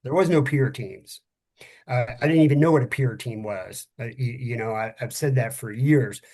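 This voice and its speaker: Tired, frank middle-aged ex-cop. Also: male voice, mid-range voice, normal speed, a little mellow. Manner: frank, searching for words, swears casually. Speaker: former police officer, workshop co-host. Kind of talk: candid conversational podcast talk.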